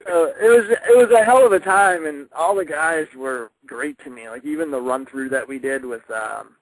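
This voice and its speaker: A young man, a wrestler guest on a radio show, telling stories in a casual, animated way and laughing now and then. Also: a little high, normal speed, no echo, poor audio. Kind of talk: casual radio interview storytelling.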